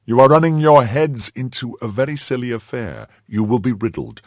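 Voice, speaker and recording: A man's voice: mid-range voice, moderate pace, no room sound, clean studio sound, pitched above the performer's own voice, lightly acted. A man reading a bold, commanding young swordsman. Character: bold young male swordsman, cool-headed.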